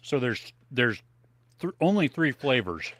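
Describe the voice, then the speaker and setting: A man's voice: medium pitch, very animated, measured pace, fairly bright tone. A man co-hosting a live movie podcast from his home office, chatting loosely and eating snacks on air. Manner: rambling, tries snacks on air. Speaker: podcast co-host. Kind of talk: casual live-stream chat. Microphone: home office setup.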